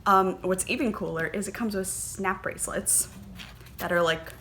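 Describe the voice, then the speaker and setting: A woman hosting a knitting podcast, chatting casually and gushing excitedly, with plenty of fillers and little gasps. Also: mid-range voice, moderate pace, a little hiss or hum. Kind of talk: casual chat.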